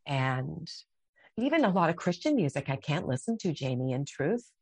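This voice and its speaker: A woman's voice: deep voice, big pitch swings, moderate pace, darkish tone, breathy edge, no room sound. A middle-aged woman talking as a podcast guest, earnest and heartfelt, often restarting her sentences. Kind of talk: conversational interview.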